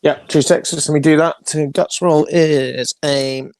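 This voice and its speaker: A man's voice: fairly high pitch, steady tone, unhurried, a little mellow, dry recording. A man playing a tabletop game, thinking aloud about his dice rolls. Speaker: player. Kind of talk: casual tabletop game play.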